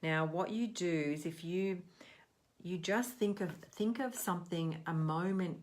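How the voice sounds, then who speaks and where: A woman's voice: on the low side, a little slow, a little mellow. A middle-aged woman coaching on self-worth in a casual, earnest talk, rambling and often restarting her sentences.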